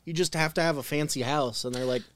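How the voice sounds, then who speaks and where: A man's voice: fairly high pitch, fast, no echo. A man co-hosting a podcast, telling a story in casual chat, wry, laughing and swearing.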